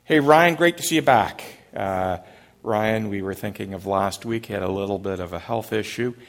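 A man's voice: on the low side, moderate pace, creaky. A man preaching a sermon to a congregation, in a conversational way with frequent "uh" fillers, questions to the room and light jokes. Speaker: pastor. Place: church service before a congregation.

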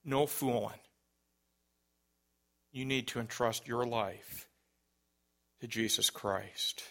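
Gravelly bright-voiced pastor guy preaching slow and earnest, gets loud. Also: mid-range voice, steady tone. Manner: earnest, builds to loud calls. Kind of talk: Easter sermon.

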